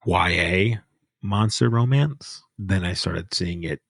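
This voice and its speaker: A man co-hosts a casual book podcast in a low voice. He rambles, restarts his sentences and slips in jokes. He is recorded dry on a remote call mic. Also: husky, no room sound. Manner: rambling, halting, joking storytelling. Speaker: podcast co-host, book reviewer. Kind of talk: casual chat.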